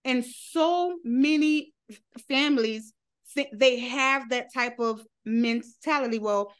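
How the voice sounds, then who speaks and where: A woman's voice: high voice, slow, smooth. A woman guest in a casual interview, speaking candidly about her life and laughing often as she talks. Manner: laughs often while telling her story; candid and talkative, with loose, run-on phrasing. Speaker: interview guest, social media creator.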